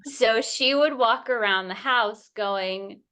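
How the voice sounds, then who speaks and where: A middle-aged woman author in a casual interview, talking emotionally and effusively, with many pauses and fillers. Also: a little high, pushed and bright, clear, resonant tone. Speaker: picture book author, guest.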